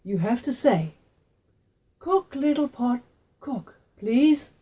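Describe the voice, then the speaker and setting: A woman playing a gentle crackly old woman. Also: a little high, big pitch swings, normal speed, husky, exaggerated voice. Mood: instructive. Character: kindly old woman with a pot, maybe a witch.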